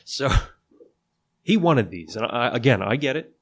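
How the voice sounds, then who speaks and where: A man's voice: medium pitch, sing-song, a little slow, long pauses, breathy edge. A man hosting a podcast alone, talking casually and jokingly, with a loose, slangy way of chatting. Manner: laid-back and jokey, says "dude" a lot. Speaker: podcast host. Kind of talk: casual solo legal podcast chat.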